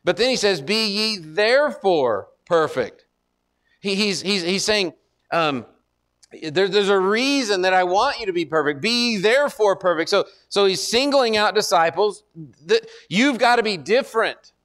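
Earnest preacher man, higher voice. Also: lively intonation, moderate pace, fairly bright tone. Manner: earnest, repeats words, rises in pitch and force when exhorting. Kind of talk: sermon.

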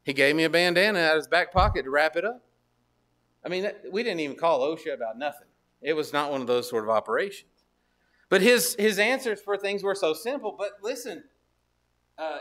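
A middle-aged male pastor delivers a sermon in a loose, conversational storytelling way, circling back with restarts and asides. His voice sits high for a man and rings bright. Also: a little fast.

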